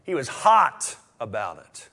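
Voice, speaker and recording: A man preaching a sermon in a conversational way, full of restarts, swinging from loud exclamations to hushed whispers. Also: medium pitch, very animated, slow, slightly rough. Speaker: pastor.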